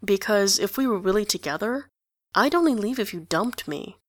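A woman's voice: mid-range voice, lively intonation, normal speed, dry recording, clean studio sound, natural voice. A woman voicing a blunt, sarcastic teenage boy who swears casually. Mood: sardonic. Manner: sardonic, casual.

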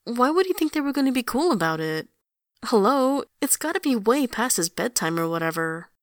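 A woman voicing a restless teenage boy who blurts things out quickly, in an audiobook reading. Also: on the low side, lively intonation, no echo, studio quality. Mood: indignant. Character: scrappy young teen boy, blunt and restless.

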